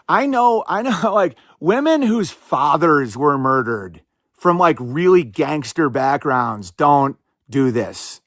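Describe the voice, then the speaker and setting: A man hosting a podcast, talking in casual, sarcastic commentary with quick bursts and lots of "like". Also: on the high side, very animated, a bit bright, no room sound, studio quality. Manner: rapid, sarcastic, fillers of "like". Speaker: podcast host.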